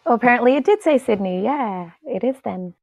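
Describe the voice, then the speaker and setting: A woman's voice: fairly high pitch, animated, a little fast, a little mellow, dry recording. Chatty woman on a dry call. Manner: curious, chatty, thinks aloud. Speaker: co-host of a rewatch podcast. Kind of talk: casual group chat.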